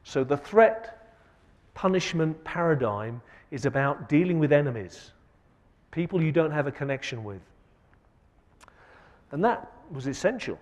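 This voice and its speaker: A man giving a conference lecture, asking the audience rhetorical questions with an emphatic delivery that swings between loud and soft. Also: a little high, lively intonation, unhurried. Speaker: keynote speaker. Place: large conference hall. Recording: long hall reverb.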